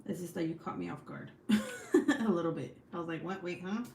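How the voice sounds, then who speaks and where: A woman's voice: on the low side, big pitch swings, moderate pace, gravelly, darkish tone, a little hiss or hum. Chatty woman livestreamer in an echoey room. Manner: chatty, swears freely. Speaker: livestream host. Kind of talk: casual livestream chat, reading viewer comments.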